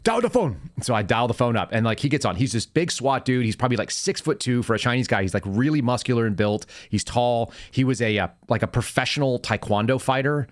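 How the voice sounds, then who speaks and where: A man hosting a podcast, telling rambling anecdotes in casual chat, with quick self-corrections. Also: medium pitch, no room sound, clean studio sound. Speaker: podcast host, former FBI agent.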